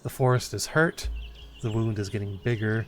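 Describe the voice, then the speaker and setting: A man reading aloud the lines of a calm, bitter man who defends the forest, slow and measured. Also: on the low side, soft background music, lightly acted. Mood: grave. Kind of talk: reading game dialogue aloud.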